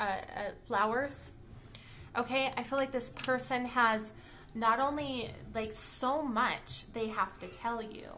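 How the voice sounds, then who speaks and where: A woman reads tarot cards in a casual, chatty way. Her voice is bright and fairly high, and she keeps checking in with quick "okay?" asides. She talks bluntly and now and then lets a swear word slip. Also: a little hiss or hum. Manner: chatty, checks in often with "okay?" and "all right?". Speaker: tarot reader. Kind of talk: casual tarot card reading to camera.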